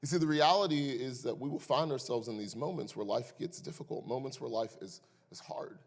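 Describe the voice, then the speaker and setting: A young adult man, a pastor, preaching a sermon and telling personal stories with an animated delivery and wry jokes for the congregation. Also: mid-range voice, brisk, vocal fry. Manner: animated, building to loud emphasis in stories; wry, joking asides to the congregation. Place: church sanctuary. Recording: echoey church hall.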